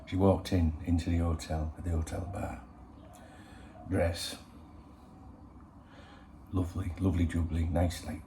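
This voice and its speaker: A middle-aged man with a low, gravelly voice chats casually to his viewers. He rambles on in a cheeky, profane way, as the regular host of his own channel. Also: level tone, normal speed, pauses often, noisy background. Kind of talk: casual chat. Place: in Spain.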